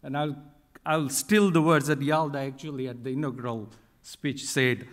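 A middle-aged man giving a conference keynote speech, talking deliberately with frequent ums and emphatic restatements. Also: medium pitch, fairly even intonation. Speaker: keynote speaker at an industry conference. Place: large conference hall. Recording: reverberant hall sound.

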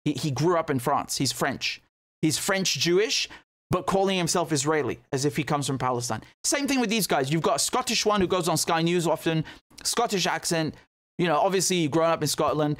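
A man's voice: on the high side, animated, fairly quick, fairly bright tone. Sarcastic indignant male commentator. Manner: indignant, sarcastic, stumbling restarts. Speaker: commentator reacting to news clips. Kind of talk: casual political commentary.

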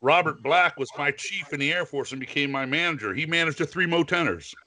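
A man's voice: a little high, a little fast, pushed and bright. A man, an opera singer co-host in a casual video-call chat, talking in a friendly, chatty way and laughing readily.

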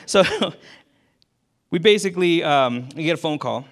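A man with a gravelly, fry-edged voice at an ordinary middle pitch, speaking as a podcast guest. He tells his story casually and candidly, acting out the lines of the people he quotes. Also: moderate pace. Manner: candid and lively, acts out quoted dialogue, laughs, swears. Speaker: insurance agent, podcast guest.

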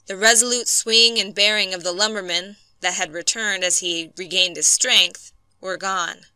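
Woman storyteller, very bright tone, smooth crisp voice, dry close sound. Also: medium pitch, no echo. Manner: clear, measured storytelling. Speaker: narrator. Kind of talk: audiobook storytelling for English learners.

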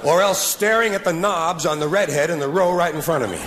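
A man's voice: fairly high pitch, a little fast, few pauses, fairly bright tone. A man in his forties performing a stand-up comedy routine on a live stage, sardonic with mock-solemn asides. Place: live stage before an audience. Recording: noisy live recording.

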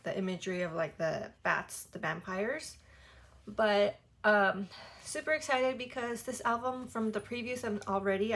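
A young woman hosting a music video reaction, talking in a gushing, excitable, rambling way and apologizing as she goes. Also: mid-range voice, creaky. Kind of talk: casual reaction commentary.

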